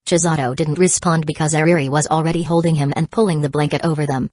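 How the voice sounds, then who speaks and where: A woman narrating an audiobook in an even, measured reading. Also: low voice, dry recording. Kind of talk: scripted narration.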